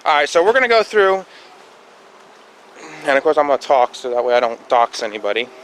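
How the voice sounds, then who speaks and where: A man vlogging a road trip on a handheld camera, rambling and repeating himself, with excitable bursts. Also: medium pitch, a little fast, slight background noise, low-quality recording. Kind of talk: casual road trip vlog.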